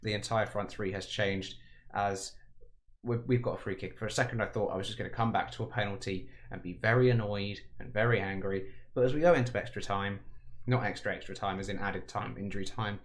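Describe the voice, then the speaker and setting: A man's voice: fairly low pitch, steady tone, a little fast. A man giving casual, rambling commentary on a football management game, chatty and self-mocking with frequent asides. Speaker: gaming commentator.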